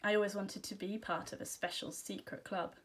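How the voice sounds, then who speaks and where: A woman teacher reading a children's storybook aloud, giving gentle, expressive first-person narration. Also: mid-range voice, a little fast.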